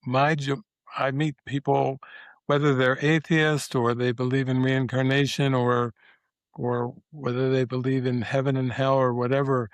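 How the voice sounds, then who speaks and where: An older man, a spiritual teacher, talking as a guest in a relaxed interview, meandering and reflective with many pauses and fillers. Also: medium pitch, dry recording. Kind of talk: casual interview talk.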